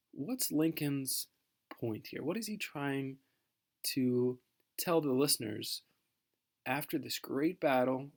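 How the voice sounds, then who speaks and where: A man teaching a recorded history lesson in a conversational way, full of fillers and restarts, who at times reads a famous speech aloud in a measured voice. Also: fairly high pitch, darkish tone.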